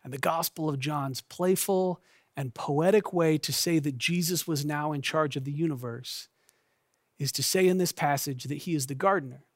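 A man in his thirties, a pastor, giving a sermon in a gentle, intimate storytelling way that often sinks to a soft hush. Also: fairly high pitch, normal speed, dry recording, studio quality.

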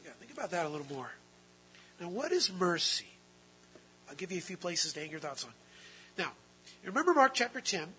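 A man preaching a sermon, swinging between hushed, drawn-out phrases and loud, emphatic ones. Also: high voice, sing-song, slight background noise, low-quality recording. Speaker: pastor.

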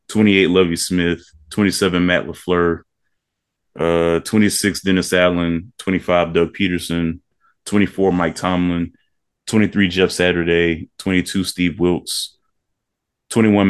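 Deep-voiced laid-back male podcast co-host. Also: measured pace, clean tone. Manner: laid-back, reads a list in a steady drone. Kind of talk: casual chat.

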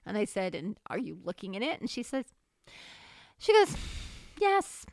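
Lively woman telling faith stories. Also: mid-range voice, moderate pace, gravelly, no echo, clean studio sound. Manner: animated storytelling, acts out quoted dialogue, laughs often. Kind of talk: casual faith testimony chat.

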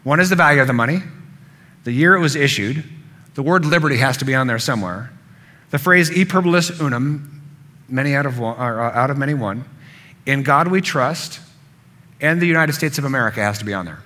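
A man's voice: medium pitch, animated, fairly quick, long pauses, bright, forceful tone. A man preaching a sermon, earnest, building emphasis through repetition. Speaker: pastor.

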